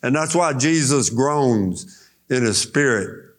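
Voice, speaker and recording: A man preaching a sermon, explaining scripture slowly and deliberately and reading verses aloud. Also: medium pitch, animated.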